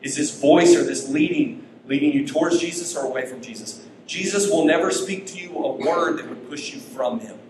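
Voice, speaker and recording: Man, pastor, emphatic sermon, slightly high voice, faint room hiss. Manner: emphatic preaching, rising and falling in pitch. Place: church sanctuary. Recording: echoey church hall.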